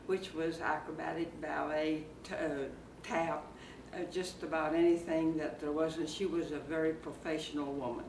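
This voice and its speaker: A woman in her eighties from Iowa, reminiscing slowly and haltingly in an oral history interview held in a library community room. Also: sits low, fairly even intonation, darkish tone. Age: 80s. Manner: slow, halting reminiscing with fillers. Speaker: interviewee, former circus performer. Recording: roomy, distant mic, faint background noise.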